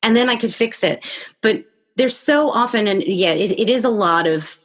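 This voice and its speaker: A woman hosting a podcast interview, telling a story in a lively conversational way and acting out her own reactions. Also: medium pitch, normal speed. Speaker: podcast host.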